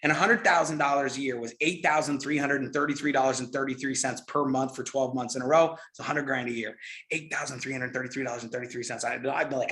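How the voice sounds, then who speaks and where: A middle-aged man giving a motivational network marketing training, energetic and repetitive, often checking in with "right?". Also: mid-range voice, quick pace.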